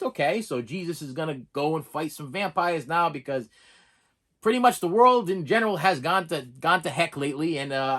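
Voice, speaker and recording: A man with a fairly high voice ranting through a casual movie review. His pitch swings all over the place, and he trips over his own words and keeps repeating himself. He chuckles often as he talks. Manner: animated, rambling, repeats words, laughs often.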